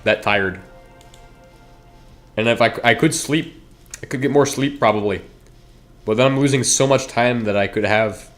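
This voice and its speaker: A man's voice: mid-range voice, moderate pace, pauses often, fairly bright tone, faint music behind. A man chatting casually to his viewers while streaming a game, rambling and cutting himself off mid-sentence. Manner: rambling, self-interrupting, talks straight to chat.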